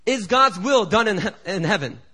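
Fiery preacher, man, rising to shouts. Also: high-pitched, lively intonation, normal speed, husky. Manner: preaching with big swings in volume, building to shouted climaxes; acts out quoted voices and prayers in shifting tones. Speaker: pastor. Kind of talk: sermon.

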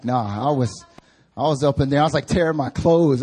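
A young male pastor preaching a sermon in a casual, slangy, animated way. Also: mid-range voice, brisk, slightly rough.

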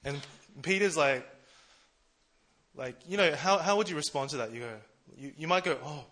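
A man preaching a casual, conversational sermon, chatty and quick to laugh at himself. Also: fairly high pitch, lively intonation, fairly bright tone. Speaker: preacher, church treasurer.

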